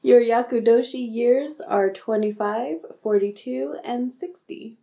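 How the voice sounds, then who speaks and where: Thirtyish woman hosting a podcast, slow easy talker, lots of giggles and dry jokes. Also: on the high side, creaky, dark tone. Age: 30s. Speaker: podcast co-host. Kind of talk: casual chat.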